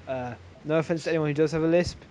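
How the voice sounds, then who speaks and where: A man hosting a casual group podcast, rambling and joking between quick asides. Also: a little high, fairly even intonation, mellow, slight background noise. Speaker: podcast host.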